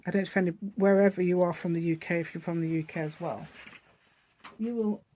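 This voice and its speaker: In this casual crafting tutorial, a woman with an East Midlands English accent talks quickly in a lowish, dark voice with a steady tone, and there's a little hiss or hum. She's a craft channel host, rambling chattily and thinking aloud as she demonstrates a paper craft project one step at a time.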